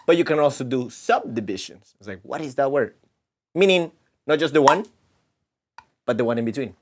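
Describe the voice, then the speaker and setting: A man's voice: mid-range voice, lively intonation, normal speed, heavy background noise. A man teaching a music lesson to children, patiently explaining and counting beats aloud.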